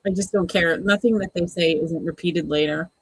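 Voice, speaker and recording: Watch-party host, husky mid-range voice, dry exasperated sarcasm. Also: medium pitch, steady tone, normal speed, fairly bright tone, no room sound, low-quality recording. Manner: exasperated, sarcastic, mimics the cast. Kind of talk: casual live watch-along commentary.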